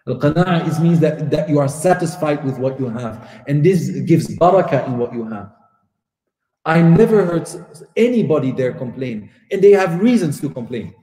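A Belgian man in his forties giving a religious lesson, telling personal stories in a lively anecdotal way. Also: fairly high pitch. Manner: warm anecdotal storytelling with laughs and acted dialogue. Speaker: Islamic teacher. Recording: echoey hall.

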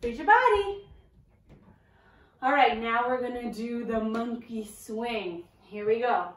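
High-voiced, playful woman reading to children. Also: a little slow. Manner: animated, playful, makes animal noises and asks children to join in. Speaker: children's librarian. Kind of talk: reading a picture book aloud to children. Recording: roomy echo.

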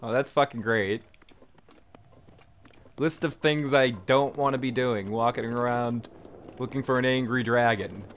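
A man's voice: medium pitch, fairly even intonation, unhurried, pauses often, slight background noise. A young man casually commenting on his gameplay, laid-back and profane, rambling as he plays. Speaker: gaming channel host. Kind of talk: casual let's play commentary.

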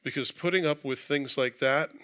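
Man, pastor, conversational sermon, bright forceful tone, asides to the congregation. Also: medium pitch, moderate pace, smooth. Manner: conversational preaching with asides and jokes. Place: church sanctuary.

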